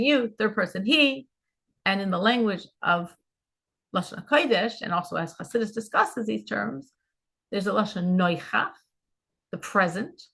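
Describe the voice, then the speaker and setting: Bright-voiced woman teaching a Chassidic class. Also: medium pitch, gravelly, slightly rough. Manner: earnest, explanatory, repeats key terms. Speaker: Torah teacher.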